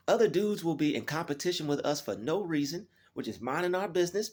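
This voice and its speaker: A man's voice: a little high, big pitch swings, a little fast, darkish tone. A man hosting his own channel, talking casually and preachily to his viewers, often repeating words as he searches for them. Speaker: YouTube channel host. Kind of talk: casual monologue to camera.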